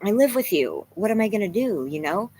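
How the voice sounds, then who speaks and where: A tearful woman in her forties, crying as she vlogs, speaks in a mid-range, dark-toned voice that is very animated and brisk. She rambles candidly and swears while reading chat in an emotional, casual vlog. The audio is poor, with slight background noise.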